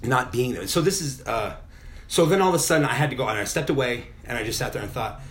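A man's voice: medium pitch, lively intonation, fast talker, slight background noise. A middle-aged man telling a personal story in a casual podcast chat, candid and full of swearing. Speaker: podcast guest.

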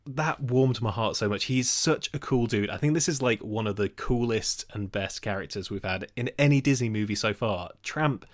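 Man with a lowish dry voice, chatting. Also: moderate pace, few pauses, no room sound. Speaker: podcast co-host. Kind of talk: casual film discussion.

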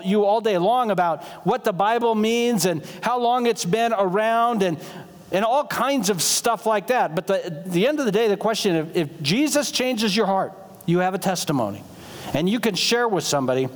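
A male pastor delivers a sermon in an animated, conversational way, sliding easily into stories. His voice sits high for a man. It carries the long reverb of a church sanctuary. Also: moderate pace.

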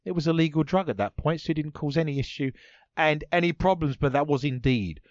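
A man's voice: fairly high pitch, fairly quick, no room sound, lo-fi sound. A man hosting a comedy podcast quiz, playful and teasing, full of puns. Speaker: quiz host.

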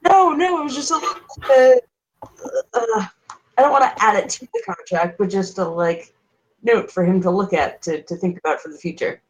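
A woman's voice: mid-range voice, moderate pace, rough recording. A woman playing a tabletop game, explaining her plans in a rambling, hesitant way full of fillers. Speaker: player. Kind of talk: casual tabletop game chat.

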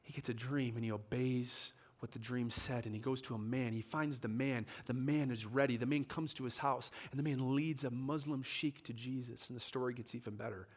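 Brisk and with few pauses, a man with a mid-range voice preaches in a church, animatedly telling a story and acting out the quoted voices of the people involved.

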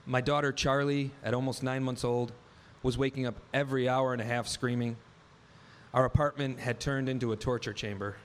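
A man's voice: medium pitch, fairly even intonation, fairly quick. A man in his thirties telling a personal story on stage, wry and vivid, acting out the dialogue in his own words. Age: 30s. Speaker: live storyteller. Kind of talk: first-person story told live on stage.

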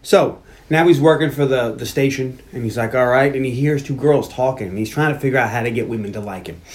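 A podcast host casually retelling a movie plot, loose and profane, with frequent laughs. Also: male voice, mid-range voice, fast. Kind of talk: casual movie recap chat.

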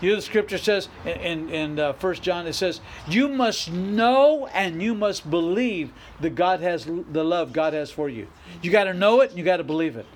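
A middle-aged man preaches in a high-pitched voice, driving his points home with repetition and rising emphasis. He speaks as a pastor delivering a sermon. A faint noise sits under the recording. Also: animated, moderate pace, low-quality recording. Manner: emphatic preaching with repeated phrases and rising outbursts.

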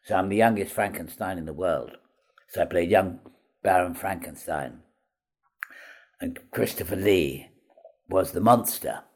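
Older male raconteur, husky and gravelly, lively storyteller who mimics the people he quotes. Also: low voice, a little slow, long pauses. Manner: chatty raconteur, acts out quoted voices, laughs at own stories. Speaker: comedy actor guest. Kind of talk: anecdotal interview storytelling.

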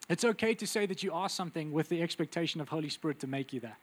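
A man preaching a sermon with intense, urgent delivery that drops to quiet, intimate asides. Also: fairly high pitch, animated, rapid-fire, slight background noise.

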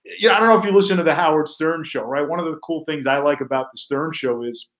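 A man with a somewhat high voice tells casual stories on a podcast. He is a broadcaster guest and slips into quoted lines from his coworkers with animated energy. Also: fast. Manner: animated anecdotes, acting out quoted colleagues. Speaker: guest sportscaster.

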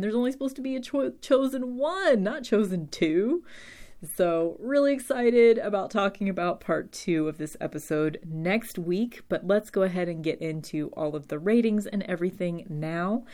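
A woman's voice: deep voice, a little mellow. A young woman hosting a podcast, chatting casually and rambling through a TV episode recap with offhand swearing.

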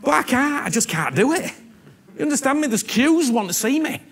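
A man preaching a sermon, earnest and animated, repeating himself and often asking whether he is understood. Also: very high-pitched, brisk, a little hiss or hum.

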